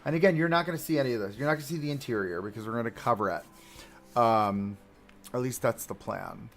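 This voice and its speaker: With soft music in the background, a young man with a mid-range voice talks briskly to a live audience while building a theme park in a game. His casual stream commentary has him talking to himself, joking, and grumbling at the controls.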